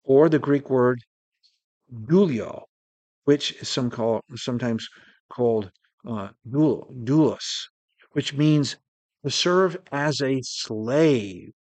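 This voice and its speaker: Man, sermon, earnest, drawn-out emphasis, mid-pitched voice, dry close sound. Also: darkish tone, dry recording. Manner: earnest, slows down to stress key words. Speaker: preacher.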